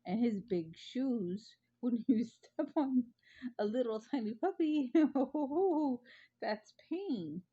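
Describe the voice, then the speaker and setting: Giggly chatty woman, mellow lo-fi sound. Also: on the high side, expressive, extremely slow. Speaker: vlogger. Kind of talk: casual chat. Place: at home.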